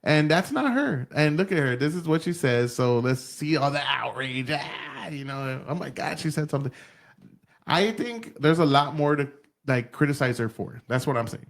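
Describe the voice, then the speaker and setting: A man's voice: a little high, animated, moderate pace. A man from Texas hosting a podcast, talking bluntly and profanely in casual chat, laughing often. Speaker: podcast host.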